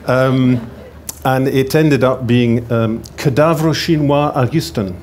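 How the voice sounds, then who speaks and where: A man from Scotland, a crime writer, talks on a festival panel in a mid-pitched voice. He tells his anecdotes in a wry, rambling way, with plenty of ums and restarts. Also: fairly even intonation, slow pace, darkish tone, a little hiss or hum. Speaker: crime novelist. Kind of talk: panel talk. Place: festival stage.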